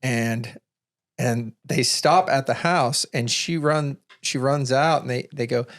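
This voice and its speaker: A man's voice: medium pitch, slow, fairly bright tone. A man hosting a podcast in casual chat, telling stories in a rambling, stop-start way. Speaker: podcast host.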